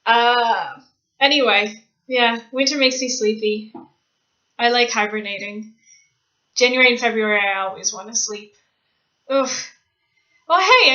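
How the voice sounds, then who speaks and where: A woman with a Canadian accent chats on her vlog in a self-mocking way, laughing easily and switching between languages. Her voice is bright and a little high. The recording sounds dull and lo-fi. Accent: Canadian English. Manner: switches between English, French and Japanese. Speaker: vlogger. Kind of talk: casual vlog.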